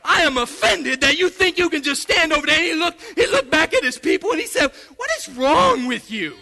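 Fiery high-voiced preacher man in a hall. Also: animated, fast talker, creaky. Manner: fiery, shouting at peaks, preacher's call-and-response. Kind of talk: sermon.

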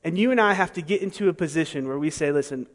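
Male pastor, higher register, emphatic sermon delivery with rhetorical asides; long reverb of a large hall. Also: very fast. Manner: emphatic, rhetorical questions, swings between soft and loud.

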